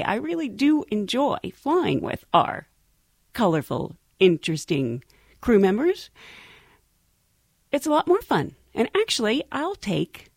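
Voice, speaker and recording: A woman's voice: fairly high pitch, darkish tone, no room sound, clean studio sound. A woman hosting a travel podcast, speaking directly to her listeners as she wraps up the episode. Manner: friendly, reflective address to listeners. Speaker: podcast host. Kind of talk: scripted show outro.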